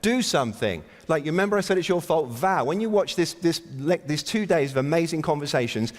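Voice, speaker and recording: A man's voice: a little high, animated, fairly quick. Blunt man speaking in a big hall. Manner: blunt, provocative, self-mocking. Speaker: conference speaker. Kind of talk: opening keynote speech. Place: large conference hall. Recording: long hall reverb.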